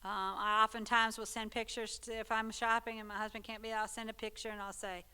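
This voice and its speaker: A woman's voice: on the high side, little pitch movement, brisk, bright, forceful tone, smooth. A woman teaching a Sunday school class in a conversational way, often checking in with her listeners. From Texas. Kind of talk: church teaching talk.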